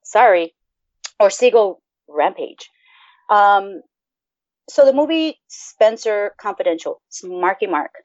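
A woman co-hosting a podcast in casual chat, profane and animated as she rambles. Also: mid-range voice, takes it slowly, dry recording. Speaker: podcast co-host. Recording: dull lo-fi sound.

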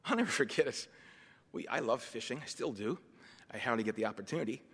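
Bright-voiced preacher in a reverberant hall. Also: male voice, mid-range voice, quick pace, husky. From Massachusetts, USA. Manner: animated, swings between hushed and loud. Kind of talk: sermon with personal storytelling. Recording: long reverb of a large hall.

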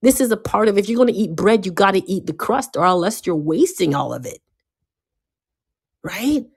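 A woman giving a casual motivational talk, emphatic and given to repeating herself, swinging between loud bursts and quiet asides. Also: mid-range voice, expressive, moderate pace, creaky, husky. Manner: emphatic, often repeating and restarting words. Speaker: speaker giving a self-help talk.

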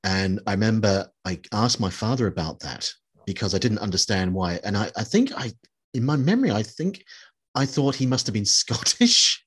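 A man's voice: lowish voice, very animated, moderate pace, slightly rough. A middle-aged man from New Zealand chatting reflectively, with many fillers and restarts. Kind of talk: casual chat.

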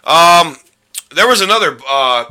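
Lively, bright-voiced male podcast host. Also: on the high side, normal speed. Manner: rambling, stumbles over words, jokey. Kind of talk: casual chat.

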